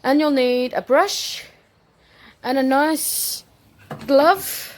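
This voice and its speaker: A woman's voice: extremely slow, slight background noise. A woman casually narrating a how-to video while washing her dog outdoors. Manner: chatty, talks to her dog in a very high excited voice. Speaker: vlogger showing how to bathe a dog.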